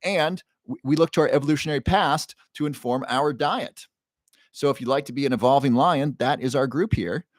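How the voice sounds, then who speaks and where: A man hosting a casual livestream, greeting viewers from the chat by name and pitching a supplement with upbeat energy. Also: fairly quick, no echo, clean studio sound. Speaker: livestream host.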